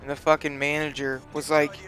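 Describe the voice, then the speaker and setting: Flat-voiced teenage guy rambling over gameplay. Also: a little high, fairly quick, slight background noise. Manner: rambling, profane, full of "like" fillers. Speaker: gaming channel host. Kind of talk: casual gameplay commentary.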